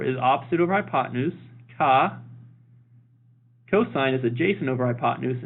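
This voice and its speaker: Guy teacher walking through a math lesson, upbeat and jokey, gravelly voice, sounds tinny like over a phone. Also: mid-range voice. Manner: upbeat and jokey, repeats key points. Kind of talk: recorded classroom lesson.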